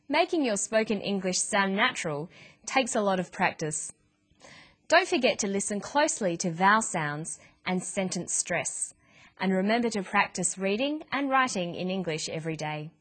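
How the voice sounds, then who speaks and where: A woman narrating a scripted English pronunciation lesson in a clear, measured way. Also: medium pitch, animated, fairly bright tone. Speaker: English teacher.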